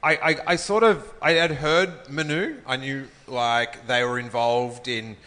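A man's voice: mid-range voice, a little slow, bright, forceful tone, in a large hall. A man co-hosting a casual comedy chat, playful and laughing, often restarting his sentences. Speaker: podcast co-host.

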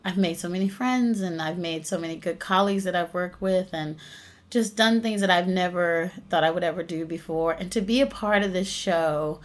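In a lowish voice at normal speed, a young American actress-singer chats through an informal interview. Her storytelling is animated, and she frequently breaks into laughter.

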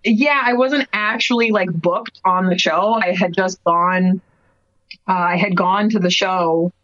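A woman in her thirties from Cape Breton, telling stories casually in an interview, full of "like"s and quick laughs. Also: on the low side, a bit bright, no room sound. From Canada, Cape Breton. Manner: chatty storyteller, many "like"s, laughs often. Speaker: guest wrestler. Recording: dry, dull lo-fi podcast audio.

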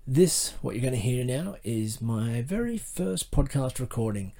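A man's voice: mid-range voice, sing-song, unhurried, creaky, dark tone. Chatty Australian man hosting a podcast. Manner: chatty, upbeat, many fillers and restarts. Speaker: podcast host. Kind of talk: casual podcast interview.

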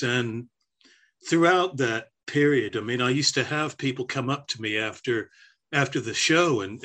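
A man's voice: mid-range voice, bright, forceful tone. An older man, a former stand-up comedian, giving a reflective interview with frequent restarts. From half American, raised on air force bases. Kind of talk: oral history interview.

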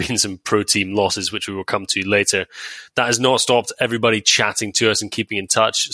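Male podcast host, wry and chatty, bright forward tone. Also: lowish voice, dry recording. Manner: wry, chatty, reading out plugs with many ums. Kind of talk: casual podcast chat.

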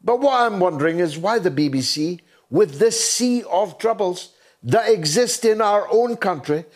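An older man hosting a talk show, delivering a wry, sardonic opinion monologue. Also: high-pitched.

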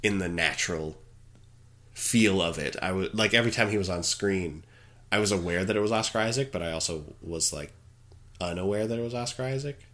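A man's voice: deep voice, fairly bright tone. A man co-hosting a podcast, earnestly defending his view of a movie in casual chat, often restarting his sentences. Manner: insistent, earnest, halting with restarts. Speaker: podcast co-host.

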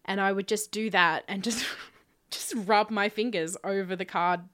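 A woman's voice: mid-range voice, steady tone, unhurried, fairly bright tone. A woman, co-hosting a podcast and telling childhood stories in a casual, chatty way. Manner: chatty storytelling, laughs often. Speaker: podcast co-host. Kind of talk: casual chat.

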